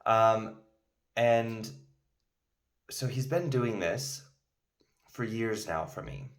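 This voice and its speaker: A man's voice: mid-range voice, slow, long pauses. A man casually telling a made-up story to camera, rambling with many fillers and restarts. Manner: acts out indignant outbursts in the story. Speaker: video host telling a story.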